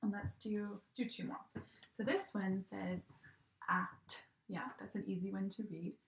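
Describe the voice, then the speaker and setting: A woman's voice: medium pitch, unhurried, vocal fry, a little hiss or hum. A woman teacher giving a recorded phonics lesson to young children, patient and sing-song, often checking in with "okay?". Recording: echoey room.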